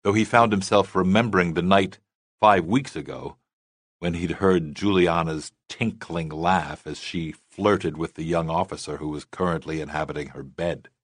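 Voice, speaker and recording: A man narrating a novel as an audiobook in a measured, even way. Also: deep voice, no room sound, studio quality. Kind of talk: scripted narration.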